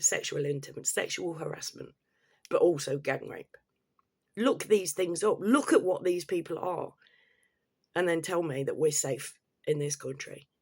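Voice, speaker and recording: A woman's voice: on the low side, gravelly, breathy edge, no echo, clean studio sound. A woman from England, talking straight to camera in a blunt, heated rant full of swearing. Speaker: vlogger. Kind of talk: casual ranting monologue.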